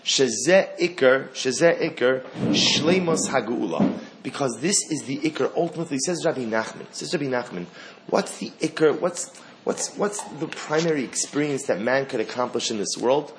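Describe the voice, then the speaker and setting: A man leads a Torah lesson in an earnest, steady teaching voice that sits at an ordinary pitch. He poses questions and answers them himself, circling back over key phrases. A faint hiss lingers under the recording. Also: fairly quick. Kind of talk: Torah class lecture.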